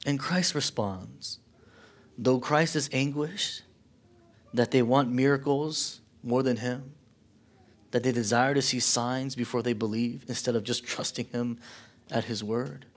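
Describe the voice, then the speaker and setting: A man preaching a sermon as pastor, rising in force on rhetorical questions and dropping low and soft when quoting. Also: fairly even intonation, measured pace. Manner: impassioned preaching, swelling louder on questions and dropping low for quotes.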